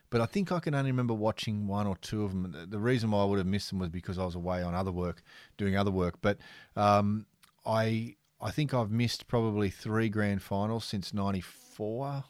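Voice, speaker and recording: Laid-back Australian man, lowish voice. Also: brisk, no echo, studio quality. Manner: laid-back, matey, rambling. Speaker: sports photographer and podcast co-host. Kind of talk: casual podcast chat.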